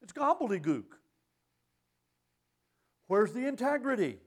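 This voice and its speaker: A man's voice: very high voice, very animated, measured pace. A man preaching a sermon in a folksy, emphatic way, quoting scripture.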